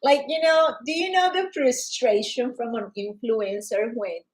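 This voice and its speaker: A woman from Colombia with a Colombian Spanish accent, chatting casually and excitedly about a wellness product, acting out customers' lines. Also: on the high side, measured pace, poor audio. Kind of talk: casual livestream chat.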